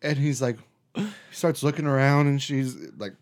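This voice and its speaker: A man's voice: medium pitch, moderate pace. A man hosting a casual chat, telling a story with lots of swearing and restarts. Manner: animated storyteller, swears freely, restarts often.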